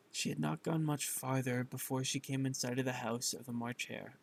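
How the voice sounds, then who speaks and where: A man reading a bedtime story aloud in a gravelly, mid-pitched voice. He stumbles over words, corrects himself and drops in fillers, with a faint hum of room sound behind him. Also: fairly even intonation, moderate pace, few pauses, low-quality recording.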